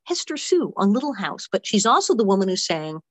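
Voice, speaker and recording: A woman's voice: mid-range voice, fairly quick, no echo. A woman guest chatting with energy about her upcoming shows in an interview, talking from home. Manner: lively, chatty. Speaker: actress and comedian guest. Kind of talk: interview chat.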